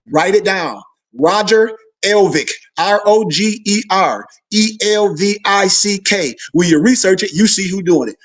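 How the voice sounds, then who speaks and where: A man teaching a Sunday school class in an emphatic, animated preaching style, calling out to his listeners for responses. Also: high-pitched.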